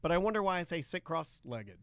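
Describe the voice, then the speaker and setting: A man co-hosting a podcast in casual chat, tossing in wry quips and quick agreements. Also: a little high, big pitch swings, fairly bright tone, no room sound. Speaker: podcast co-host.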